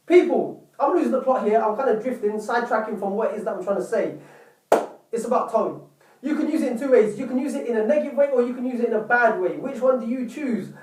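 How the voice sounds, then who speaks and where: His voice is extremely high with a darkish tone, captured from a distance in an echoey room, off-mic. Looking into the camera, he earnestly and repetitively gives relationship advice, frequently calling his viewers "people."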